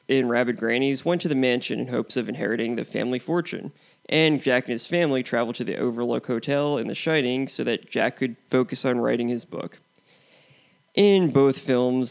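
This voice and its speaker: A man co-hosting a movie podcast, giving prepared points and show plugs in a steady way. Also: medium pitch, gravelly. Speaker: podcast co-host. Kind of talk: casual movie review chat.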